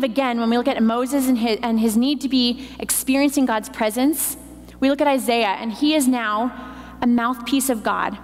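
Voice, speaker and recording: A woman preaching a sermon in a church, teaching with emphatic repetition. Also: fairly high pitch. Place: church hall. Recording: long hall reverb, faint noise.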